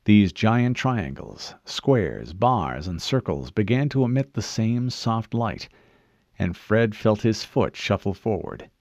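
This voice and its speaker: Low-voiced, lively male audiobook narrator. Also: slow pace, no room sound, highs cut off.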